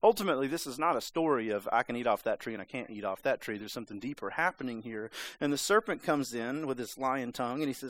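A man's voice: medium pitch, fairly quick, hardly any pauses, fairly bright tone, dry recording. A man preaching a sermon in a conversational, emphatic way, sometimes acting out voices. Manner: conversational, emphatic, acts out the serpent's lines.

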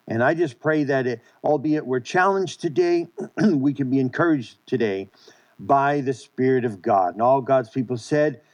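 A man's voice: medium pitch, moderate pace, darkish tone. A male pastor preaching and praying a sermon in an earnest way, with many restarts and repeated words.

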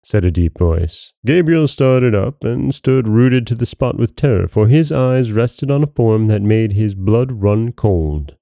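A man narrating a classic story in a measured, dramatic storytelling style. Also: low-pitched, dark tone, no room sound, clean studio sound.

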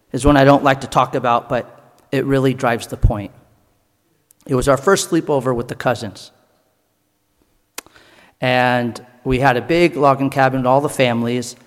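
Earnest man preaching in a reverberant hall. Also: medium pitch. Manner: earnest storytelling, pausing between short phrases. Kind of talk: sermon testimony.

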